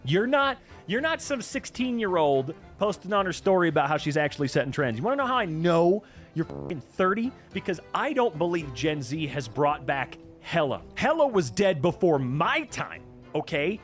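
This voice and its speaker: Animated, sarcastic man streamer. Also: a little high, moderate pace, faint music behind. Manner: animated, profane, sarcastic rants. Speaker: VTuber streamer reacting to posts. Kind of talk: casual reaction commentary.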